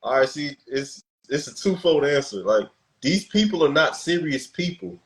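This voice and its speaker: A man's voice: fairly high pitch, expressive, moderate pace, low-quality recording. A man hosting a podcast in casual chat, laid-back, laughing often and restarting his sentences. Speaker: podcast host.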